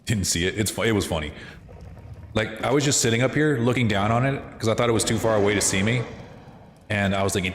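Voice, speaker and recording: A man's voice: fairly low pitch, brisk, slight background noise. A man streaming a video game, chatting with viewers in a loose, swear-filled way. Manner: animated, swears freely, chats with viewers. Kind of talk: casual gameplay commentary. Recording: echoey room with long reverb.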